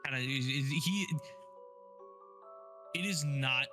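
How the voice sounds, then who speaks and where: A man's voice: medium pitch, takes it slowly, over music. A man chatting casually as a player in a tabletop game, thinking aloud and swearing now and then.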